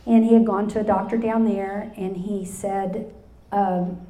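A woman in her fifties gives an earnest personal testimony at a women's luncheon, telling her story straight to the audience in a large hall. Her mid-range voice moves little in pitch, with a measured pace and a dark tone. The recording has the roomy echo of the hall and its live audience.

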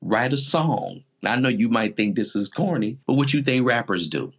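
A man's voice: mid-range voice, lively intonation, normal speed, slightly rough. A man in his forties preaching a teaching sermon in numbered points, emphatic and repetitive. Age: 40s.

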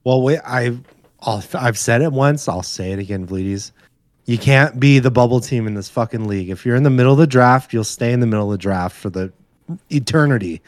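A man's voice: medium pitch, a little fast, no room sound. A young man, co-host of a podcast, chatting bluntly and casually about sports and his weekend, swearing freely.

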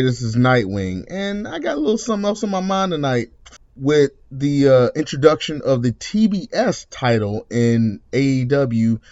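A man's voice: mid-range voice, darkish tone. A man hosting a solo segment, chatty and opinionated commentary. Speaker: podcast segment host. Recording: dull lo-fi sound.

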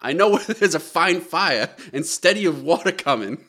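A man playing a very excited young boy with a put-on Boston accent, gushing and giggly. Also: a little high, moderate pace.

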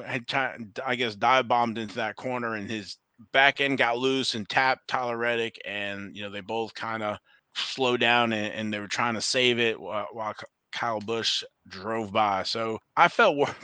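A man's voice: mid-range voice, pushed and bright, clear, resonant tone, no echo. A man co-hosting a podcast, talking casually and rambling a little, correcting himself as he goes and laughing easily. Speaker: podcast co-host. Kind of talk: casual chat about racing and trading cards.

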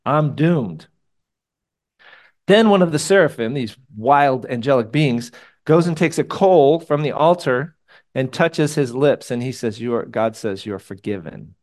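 A man's voice: medium pitch, animated, moderate pace, a little mellow. A man preaching a sermon to a live congregation in a conversational, emotional way, asking his listeners questions. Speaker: pastor.

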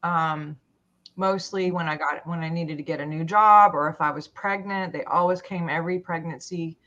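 A woman telling a personal story in a conversation, halting and full of fillers and restarts. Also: sits low, steady tone, fairly bright tone. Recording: dull lo-fi sound.

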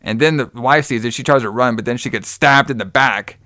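A man's voice: mid-range voice, fairly quick, pushed and bright, dry recording, clean studio sound. Rambling, profane man recapping a movie. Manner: profane, rambling, acts out characters' lines. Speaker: podcast co-host recapping a movie. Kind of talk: casual chat.

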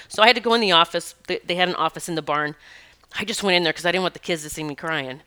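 A woman tells a personal story in a loose, earnest way, often stopping to correct herself. Her voice is bright and tense at the edges, smooth and crisp. She speaks as an animal communicator and Reiki practitioner. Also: lowish voice, fast. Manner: rambling, self-correcting, earnest.

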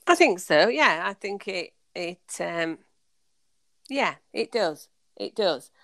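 A woman's voice: mid-range voice, animated, slow, fairly bright tone, no room sound, clean studio sound. A woman co-hosting a podcast, talking in a thoughtful, questioning way with many restarts. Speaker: podcast co-host. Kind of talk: casual chat.

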